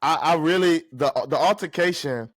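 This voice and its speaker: A man's voice: on the high side, moderate pace, no room sound, studio quality. Emphatic male sports podcast co-host. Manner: emphatic, repeats himself for effect. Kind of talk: casual sports chat.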